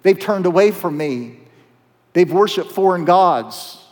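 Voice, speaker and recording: A man's voice: sits high, lively intonation, unhurried, a little mellow. A man voicing a solemn divine commander. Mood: commanding. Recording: long hall reverb.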